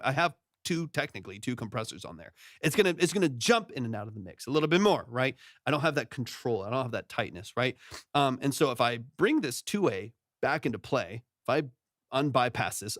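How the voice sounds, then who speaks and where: A man of middle pitch talks in a loose, rambling way full of "um" and "right?", walking viewers through a mix on a livestream. His voice comes through a studio vocal mic in a dry, close home-studio sound. The delivery stays casual and demonstrative. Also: no echo. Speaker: music producer giving mix feedback. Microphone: studio vocal mic through plugins.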